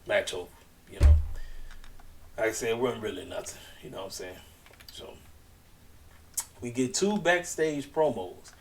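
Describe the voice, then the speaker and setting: A man's voice: medium pitch, sing-song, normal speed, long pauses, recorded from a distance, slight background noise. A man giving a casual, slangy wrestling show recap, chatty and acting out what people said. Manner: chatty, slangy, retells scenes in quoted voices.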